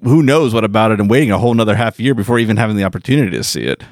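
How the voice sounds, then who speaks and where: Middle-aged male podcast host, relaxed chat, dry close mic. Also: fairly low pitch, rapid-fire, no room sound. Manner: easygoing, reads listener messages aloud. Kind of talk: casual chat.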